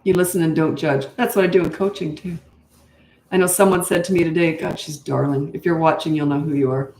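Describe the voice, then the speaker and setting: A woman's voice: low voice, fairly even intonation, brisk, a little mellow, slight background noise. An older woman, a parenting coach, answering interview questions in a frank, chatty way and laughing easily. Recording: roomy echo.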